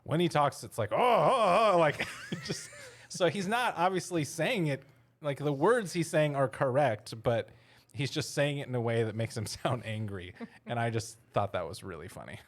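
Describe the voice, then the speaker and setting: A man's voice: medium pitch, normal speed. Dry, sarcastic man on a podcast. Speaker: podcast co-host. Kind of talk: casual podcast chat.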